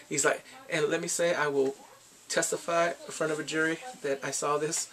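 A man casually recapping a TV episode, lively and excitable, often jumping into playful voices for the characters. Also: fairly high pitch, normal speed. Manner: animated, bursts into shouts and playful quoted voices. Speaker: TV episode reviewer.

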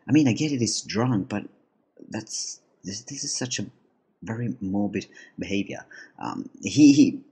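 Husky, lowish male host, chatty voice-over storytelling, rambly with lots of laughs and stumbles. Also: darkish tone. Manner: rambling, laughs often, many restarts. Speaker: comic artist and channel host. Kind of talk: casual voice-over narration.

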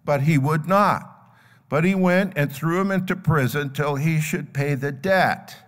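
A man's voice: a little high, a little slow. An older man preaching a sermon, telling a parable and acting out its characters' voices. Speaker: pastor. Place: church sanctuary. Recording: long church hall reverb. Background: live congregation.

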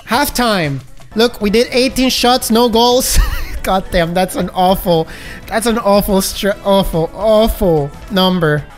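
A man giving excitable gameplay commentary as a gaming YouTuber, breaking into high yelps and laughter. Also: measured pace, faint music behind.

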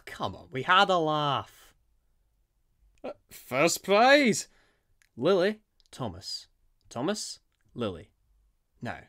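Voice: mid-range voice, fairly bright tone. A voice actor playing a cheerful, laid-back, small magical surfer man who chats casually and calls people cuz. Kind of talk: fan voice acting.

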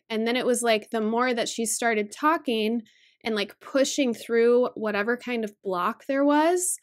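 A woman in her thirties hosting a budgeting vlog, talking in a chatty, earnest way with fillers and restarts. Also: on the high side. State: emotional, holding back tears. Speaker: budgeting channel host. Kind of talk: casual vlog talk.

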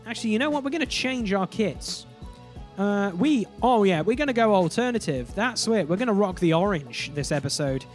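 Excitable high-voiced gamer. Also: male voice, a little fast, faint music behind. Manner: excitable, chatty, mild cursing. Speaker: gaming video host. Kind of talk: live gameplay commentary.

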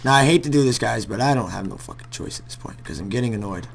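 Young male gamer at a desk mic, casual and rambling, halting confessional talk, middle-pitched. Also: lively intonation, creaky. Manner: rambling and hesitant, bursts into loud cursing. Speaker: gaming vlogger. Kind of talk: casual heartfelt talk over gameplay.

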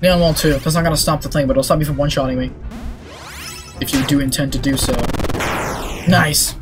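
A young man giving excitable let's play commentary, talking to himself and swearing at the game. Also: a little high, a little fast. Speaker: gaming YouTuber. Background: game music.

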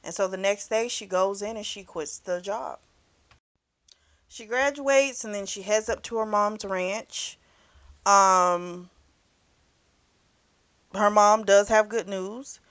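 A woman's voice: mid-range voice, slow pace, pauses often, fairly bright tone. A woman hosting a book club channel, chatting through a novel's plot casually and acting out the characters' lines as she goes. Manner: swears freely.

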